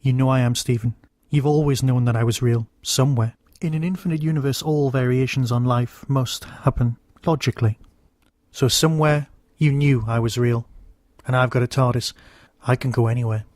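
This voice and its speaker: A man's voice: mid-range voice, steady tone, moderate pace, a little mellow, no room sound, clean studio sound, natural voice. A man doing a pleading alien time traveller. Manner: earnest, pleading.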